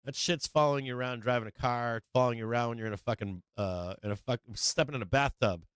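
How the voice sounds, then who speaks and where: A man's voice: medium pitch, quick pace, a bit bright, clear, resonant tone, dry recording, studio quality. A middle-aged man hosting a casual trading livestream, ranting with lots of swearing and laughing as he talks. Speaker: livestream stock trading host.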